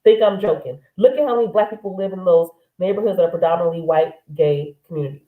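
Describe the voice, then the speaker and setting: A woman's voice: fairly low pitch, fast talker, echoey room, narrow, tinny audio. A woman co-hosting a casual livestream discussion, speaking bluntly and emphatically. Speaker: podcast co-host.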